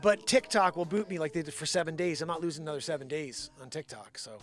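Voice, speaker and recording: A man hosting a live stream, chatting and ranting in an excitable, profane way. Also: a little high, fast. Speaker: live show host. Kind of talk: live stream chat and rant. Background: faint background music.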